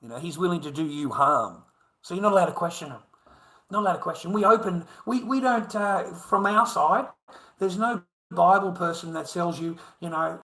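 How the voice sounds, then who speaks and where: A middle-aged man with an Australian accent talks straight to his viewers in a loose, rambling livestream monologue. His voice sits a little high and comes across bright and forceful, and he keeps calling his audience mate between profanities. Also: moderate pace, low-quality recording.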